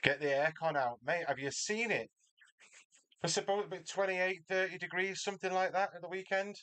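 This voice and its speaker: Speaking from his home garage, a middle-aged Mancunian livestreamer chats casually with viewers while racing, poking fun at himself. His voice is high-pitched and smooth with a sharp tone, and he talks a little fast.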